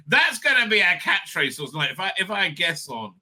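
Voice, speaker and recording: A man's voice: a little high, lively intonation, a little fast, hardly any pauses, bright, forceful tone. A man hosting his own online show, rambling in a loose, profane, laughing commentary style. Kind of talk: casual ranting commentary.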